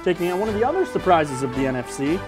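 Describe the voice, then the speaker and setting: A man's voice: high-pitched, sing-song, very fast, music in the background. A man hosting a casual sports podcast, joking and teasing as he runs through game picks. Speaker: podcast host.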